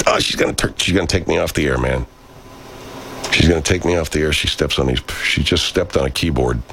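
A man's voice: very deep voice, fairly quick, vocal fry, a bit bright, a little hiss or hum. A man hosting a live stream, chatting casually and reading viewer comments aloud, loose and profane, speaking into a studio microphone. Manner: loose and profane, aside-heavy.

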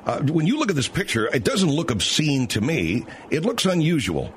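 A man's voice: on the high side, sing-song, normal speed, slight background noise. A man hosting a late-night radio talk show, rambling and hesitant with many fillers and restarts as he reads out the number and sets up a story.

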